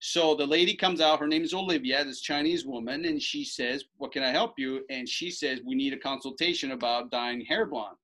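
A man casually telling a long anecdote, acting out the quoted lines with a lifted, animated voice. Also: medium pitch, fairly quick, few pauses. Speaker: storyteller recounting a bet. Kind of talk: casual anecdote told to an audience.

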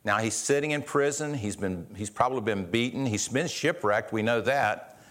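A man delivering a sermon at an ordinary middle pitch. He preaches earnestly, often restarting phrases and repeating words as he builds his point. He poses rhetorical questions to his listeners. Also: normal speed, a bit bright. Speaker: pastor.

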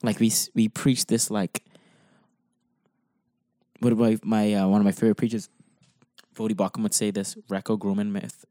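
A man's voice: lowish voice, flat delivery, moderate pace, pauses often, warm tone, no room sound. Earnest preacher man, dry sound. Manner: earnest, impassioned, emphatic. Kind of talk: casual faith discussion.

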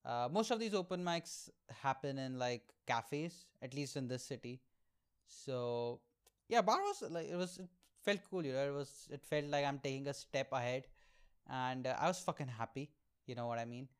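A man's voice: mid-range voice, expressive, normal speed, clean tone. A man, telling candid, profane, self-mocking stories on his solo podcast. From India. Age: 20s. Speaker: podcast host and aspiring comedian.

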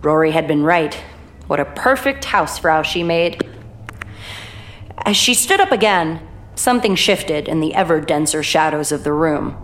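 A woman narrating a horror audiobook in a measured, even storytelling manner. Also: sits low, a little hiss or hum.

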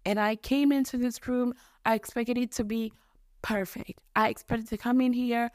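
On her solo podcast, recorded in her bedroom, a young Mozambican host rants casually, rambling, self-deprecating and swearing offhandedly. She speaks at a moderate pace in a high-leaning, darkish voice with fairly even intonation, and the studio-quality audio has no echo.

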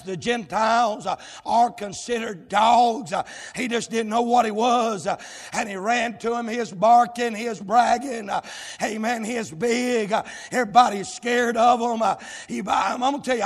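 A man preaches at full cry, his high voice ringing off the walls of a large sanctuary with a long, trailing echo. He chants in drawn-out shouted bursts, gasping "uh" between each phrase. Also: fairly even intonation. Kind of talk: shouted revival sermon. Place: church sanctuary.

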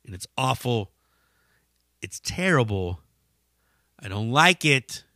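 A man talks alone into a dry close mic, his bright, tense voice rising and falling in a lively way. He rants slowly and profanely, drifting into rambling asides full of fillers. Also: mid-range voice, dry recording. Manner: profane, animated ranting with frequent swearing. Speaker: podcast host. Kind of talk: casual solo podcast rant.

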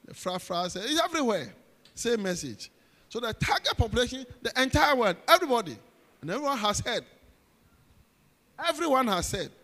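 A man's voice: extremely high pitch, sing-song, fairly quick, pauses often, pushed and bright. Ghanaian preacher man in a reverberant hall. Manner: emphatic preaching, repeats phrases, calls out to congregation. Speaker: pastor. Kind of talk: sermon.

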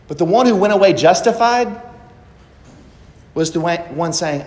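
A man preaching a sermon, pressing his points by repeating key phrases. His voice sits somewhat high for a man. The sound carries a long, roomy reverb, as in a church sanctuary. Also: animated, moderate pace, pauses often, darkish tone. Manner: emphatic, repeats phrases for stress. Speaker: pastor. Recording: echoey church hall.

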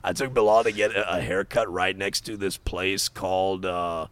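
A man's voice: sits low, fairly even intonation, normal speed, a bit bright. A young man telling a funny story to friends in casual chat, acting out the people he quotes and laughing along.

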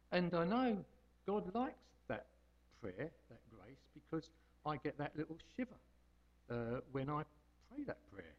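Man, lay preacher, chatty hesitant devotional talk, lively up-and-down voice, slightly high, dull lo-fi recording. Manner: homely, rambling, hesitant with many ums.

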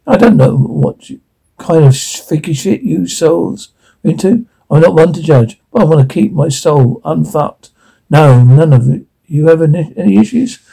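A man delivers dramatic dialogue with a rough, gravelly grain. His voice is husky and on the higher side for a man. He talks in a blunt, profane and agitated way. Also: animated, moderate pace, dark tone, low-quality recording.

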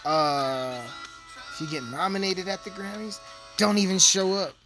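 Dude rambling n cursing, kinda higher voice, music going loud behind him. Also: male voice, steady tone, unhurried. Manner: profane, rambling, joking. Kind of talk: rambling casual monologue.

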